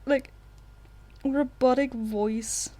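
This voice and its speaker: A woman's voice: high-pitched, fairly even intonation, very slow, warm tone. A woman co-hosting a casual art podcast, teasing her co-host playfully and laughing often. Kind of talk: casual chat.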